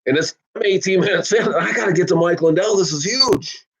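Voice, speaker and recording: A man hosting his own podcast, talking in a casual, blunt monologue that swings from loud outbursts to low asides. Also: a little fast, breathy edge. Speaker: podcast host.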